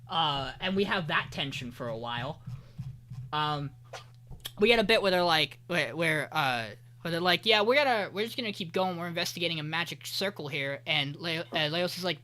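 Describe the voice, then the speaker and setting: Bright-voiced man recapping anime casually. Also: high-pitched. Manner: loose, profane, laughing recap with quick quoted voices. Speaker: podcast host.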